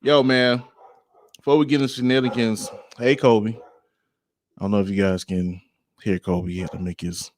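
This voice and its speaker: A man's voice: on the low side, flat delivery, moderate pace, pauses often, a little hiss or hum. A man hosting his own podcast, talking in a laid-back, rambling way, full of slang and filler phrases. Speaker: podcast host. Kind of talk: casual podcast monologue.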